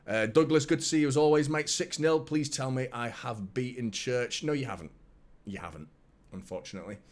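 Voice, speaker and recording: Man, mid-pitched voice, excitable, chatty, live watchalong host. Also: a little fast. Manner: excitable, chatty, greets viewers by name, repeats himself. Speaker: fan channel host. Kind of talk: live football watchalong chat.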